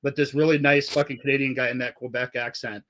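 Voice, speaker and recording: A man's voice: mid-range voice, little pitch movement, fast talker, fairly bright tone, a little hiss or hum. A man hosting a podcast from Southern California, telling stories in a loose, profane way and laughing often. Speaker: podcast host. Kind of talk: casual podcast chat.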